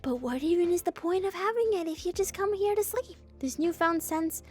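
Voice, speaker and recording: A woman with a high, light voice reads a story game aloud as a streamer. She keeps slipping into playful, joking asides. Soft game music sits faintly underneath her. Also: brisk. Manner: playful, jokey, animated asides. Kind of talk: reading a game aloud with commentary.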